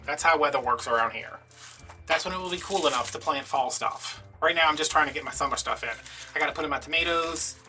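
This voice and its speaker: A man's voice: fairly high pitch, sharp tone, distant mic. A man from Louisiana, chatting through a rambling, sarcastic story in a casual vlog. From Louisiana, USA. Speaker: crafting vlogger.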